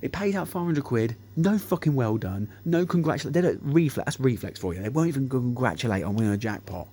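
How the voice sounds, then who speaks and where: A man's voice: mid-range voice, quick pace, slightly rough. Sweary man telling slot stories. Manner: sweary, animated anecdotes, acts out quotes. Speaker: slot machine YouTuber. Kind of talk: casual storytelling over gameplay. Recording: music playing behind the voice.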